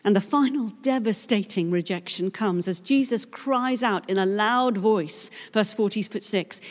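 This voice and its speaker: A woman preaching a sermon in an earnest, dramatic way, moving between hushed and loud passages. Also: medium pitch, unhurried, few pauses. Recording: long hall reverb.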